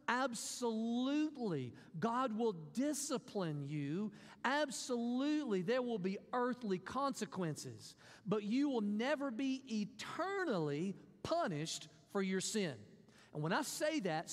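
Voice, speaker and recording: A man's voice: sits high, in a large hall. A man preaching a sermon as pastor, emphatic, repeating his points and acting out quotes.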